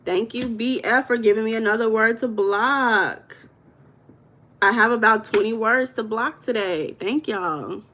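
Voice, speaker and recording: A woman's voice: fairly high pitch, measured pace, pushed and bright. A woman hosting a live stream, chatting casually and reading viewers' comments aloud with an affectionate manner. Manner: affectionate, calls viewers baby.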